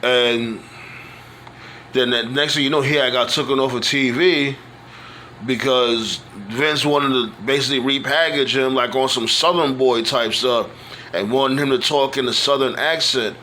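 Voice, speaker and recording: Bright-voiced man rambling casually. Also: mid-range voice, fairly even intonation, measured pace, a little hiss or hum. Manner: rambling, loose speech with many fillers and restarts. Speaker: wrestling fan vlogger. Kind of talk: casual monologue tribute.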